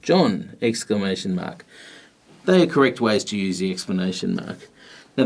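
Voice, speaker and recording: A man teaching a grammar lesson, explaining in a patient, measured way with pauses. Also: on the low side, vocal fry.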